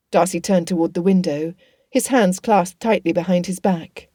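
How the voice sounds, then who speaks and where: A woman narrating a period novel audiobook in a measured storytelling manner. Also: fairly low pitch, warm tone, no room sound, clean studio sound.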